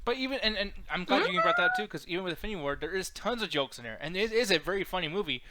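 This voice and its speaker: Man, high voice, fast, loose and profane, casual podcast chat. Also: sing-song, very noisy. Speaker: podcast co-host. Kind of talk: casual debate.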